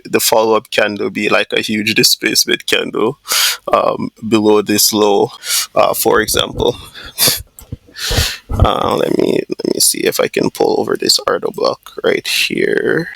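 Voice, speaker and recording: A man's voice: medium pitch, gravelly, bright, forceful tone, no room sound. A man hosting a trading video, casually thinking aloud through a live trade with frequent fillers and restarts. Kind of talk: live screen-share trade commentary.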